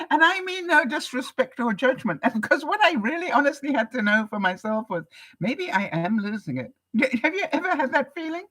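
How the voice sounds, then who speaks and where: A woman's voice: high voice, big pitch swings, normal speed, fairly bright tone, rough recording. An older woman from Canada, hosting a live vlog broadcast and chatting casually with viewers, laughing often. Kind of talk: casual advice chat to viewers.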